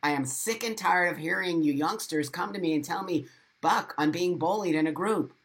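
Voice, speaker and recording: A man's voice: fairly high pitch, moderate pace, a bit bright. Man, middle-aged, live stream host, emphatic, repetitive, blunt, motivational, webcam. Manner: blunt, swears. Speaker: livestream host. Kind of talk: live stream talk, reading viewer comments.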